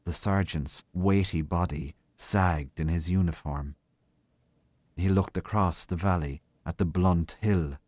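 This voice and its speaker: A man reading a short story aloud in a measured, unhurried way. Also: sits low, a little mellow, no room sound. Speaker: guest reader.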